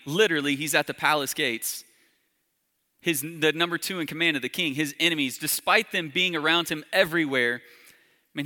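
Man, pastor, sermon, very bright tone, slightly high voice, conversational. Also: long reverb tail. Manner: casual, conversational preaching, dropping to soft intimate appeals.

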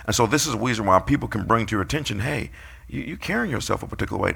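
A man's voice: medium pitch, animated, rapid-fire, creaky, a bit bright, slightly rough. A man preaching a sermon, playfully calling out his congregation and acting out quotes.

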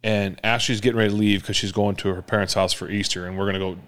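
A man's voice: on the low side, steady tone, fairly bright tone, clear, resonant tone. A man in his forties, a former quarterback hosting a podcast, telling stories in casual chat and acting out the lines of the people in them. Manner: rapid storytelling, acts out quotes.

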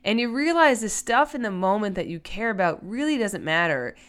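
A woman's voice: medium pitch, expressive, fairly quick, fairly bright tone, smooth. A woman hosting a solo podcast in a chatty, earnest way, with many fillers. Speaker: podcast host. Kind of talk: casual solo podcast talk.

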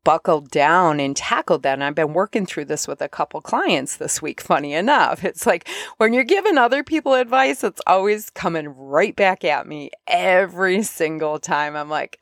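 A middle-aged woman coach talking casually about spiritual self-help, chatty and animated when she acts out her inner dialogue. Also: sits low, moderate pace, dry recording, studio quality. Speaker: podcast host and coach.

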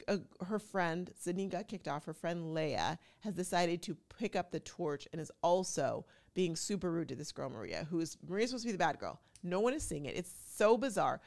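A woman's voice: on the low side, expressive, moderate pace, vocal fry. Chatty opinionated woman host. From United States. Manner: chatty, opinionated, wry asides. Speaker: talk show host. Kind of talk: casual commentary monologue.

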